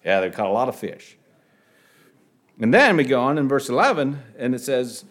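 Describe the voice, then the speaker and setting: Halting, lively-voiced male preacher. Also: medium pitch. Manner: halting, repeats words, lively rises on key phrases. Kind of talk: sermon.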